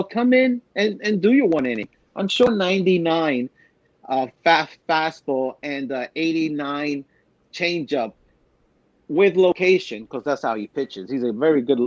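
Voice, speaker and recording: A man co-hosting a sports podcast, animated and teasing, repeating his points. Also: fairly high pitch, dry recording, lo-fi sound. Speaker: podcast co-host. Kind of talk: casual sports talk.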